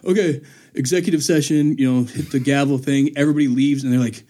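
A man's voice: mid-range voice, quick pace. A young man in casual conversation, telling a story with lots of laughter and acted-out voices of other people. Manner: animated, laughing, acts out voices. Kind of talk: casual chat.

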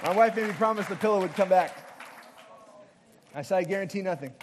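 A man's voice: high voice, fairly quick, a faint crowd, slight background noise. A man preaching an interactive sermon, playful and joking as he gets the audience to act out the scene. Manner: jokey asides with light laughs. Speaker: pastor.

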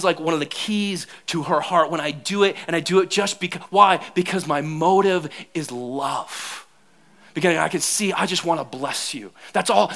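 A middle-aged male pastor delivers a sermon in a high, bright voice. He talks in a lively, self-mocking way and often laughs at his own stories about married life. He keeps the church close and casual. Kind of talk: sermon with humorous personal stories.

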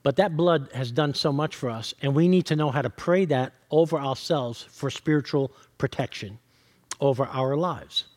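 A man's voice: medium pitch, normal speed, darkish tone. A male pastor preaching a sermon, reading scripture and teaching in an earnest, direct way.

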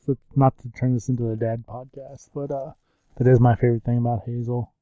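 A man in his thirties co-hosts a casual podcast, joking and teasing his friend. His voice is mellow and dark at a middle pitch, recorded close and dry. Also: little pitch movement, a little fast, no echo, dull audio. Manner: joking, playful, slips into silly voices. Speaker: podcast co-host. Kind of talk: casual chat.

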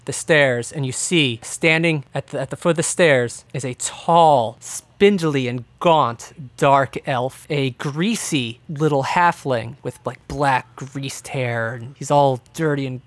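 A man running a tabletop game as game master, narrating scenes in a lively, descriptive way. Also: mid-range voice, slow, hardly any pauses, no room sound.

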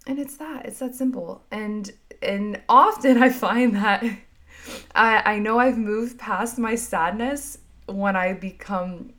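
A woman hosting a podcast, talking through her emotions in a soft, musing, reflective monologue full of casual fillers. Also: mid-range voice, takes it slowly. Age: adult mother. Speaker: podcast host.

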